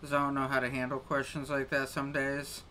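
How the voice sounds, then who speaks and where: A man's voice: medium pitch, completely flat delivery, brisk, bright, forceful tone, a little hiss or hum. A man grumbling casually to his live-stream chat while he plays a game, with exasperated little rants.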